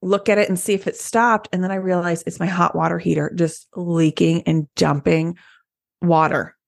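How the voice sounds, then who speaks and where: A woman's voice: on the low side, fairly even intonation, normal speed, vocal fry. A young woman co-hosting a casual podcast, chatting and laughing along with her co-host. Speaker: podcast co-host, salon owner. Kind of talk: casual chat.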